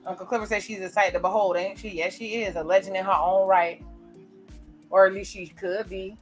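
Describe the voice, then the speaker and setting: A woman's voice: medium pitch, steady tone, fairly quick, soft background music. A woman giving chatty, casual reaction commentary on a TV episode as she watches it. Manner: chatty, reacts aloud while narrating scenes. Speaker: reaction video host.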